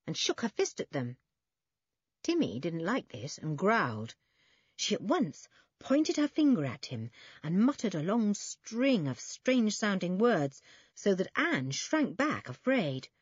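A woman narrating a children's adventure story in an expressive, lively reading. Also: medium pitch, slightly rough, no room sound, highs cut off. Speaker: audiobook narrator.

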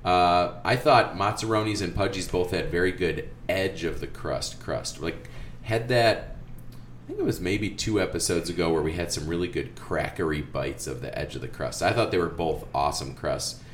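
A man co-hosting a podcast in casual chat, telling stories in an animated way and saying "like" often. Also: low voice, moderate pace, echoey room, a little hiss or hum. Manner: animated storyteller, frequent "like". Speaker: podcast co-host.

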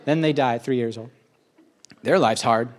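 A middle-aged man with a mid-range voice talks casually on his own, wandering and emotional. He keeps circling back to repeat himself, with rapid asides along the way.

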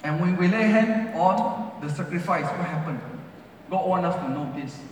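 A male pastor preaches in a high, ringing voice, leaning on repeated phrases that rise and fall. His English has non-native grammar. He is heard from a distance in a large, very echoey church hall. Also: moderate pace, noisy background. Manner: rising and falling emphasis, repeats phrases. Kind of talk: sermon.

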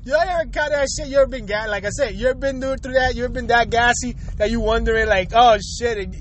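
Very high-voiced man ranting crudely. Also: fast, a bit bright, slight background noise, low-quality recording. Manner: crude, rambling, chuckling often; slangy street talk. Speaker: vlogger. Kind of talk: casual rant to viewers.

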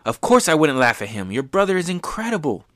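A man's voice: on the high side, sing-song, a little fast, a bit bright, no echo, studio quality, voice pushed up. A man voicing an earnest young woman warrior moved to tears, in a heartfelt, raised voice while reading aloud from a manga.

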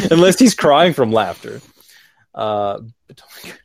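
A man hosting a podcast, who wraps up in a rambling, upbeat way full of filler words. His voice sits at a middling pitch, and it is recorded close and dry, with no room sound. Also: big pitch swings, takes it slowly, creaky, no echo. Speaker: podcast host. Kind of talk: casual chat.

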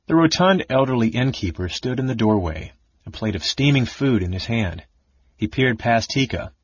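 A man reads a fantasy novel aloud in an expressive, steady way. His voice is low and husky, and the recording is dry and slightly dull, like an older lo-fi audiobook. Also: normal speed, dry recording. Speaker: audiobook narrator. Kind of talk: dramatic fantasy audiobook narration.

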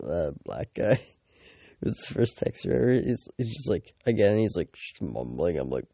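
A man's voice: deep voice, very animated, moderate pace, creaky, warm tone, husky, no room sound. A teenage boy from Canada telling a rambling storytime, full of fillers and swearing, with mocking asides. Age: teens. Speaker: vlogger.

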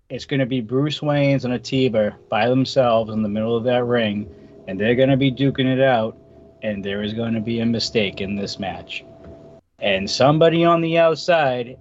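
A man from Massachusetts arguing his wrestling picks with casual slang and mock sternness. His voice sits at a middle pitch, and the recording sounds dull and lo-fi. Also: a little hiss or hum. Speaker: podcast panelist. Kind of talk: wrestling preview chat.

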